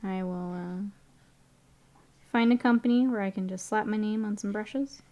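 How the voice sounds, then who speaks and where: A woman's voice: medium pitch, normal speed, a little mellow. A young woman streaming her miniature painting, chatting casually, reading chat aloud and laughing often.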